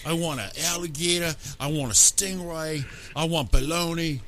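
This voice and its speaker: A woman voicing an excitable female Australian wildlife adventurer in a put-on Australian accent, with loud playful exclamations. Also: deep voice, moderate pace, pitched below the performer's own voice. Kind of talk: improvised comedy bit.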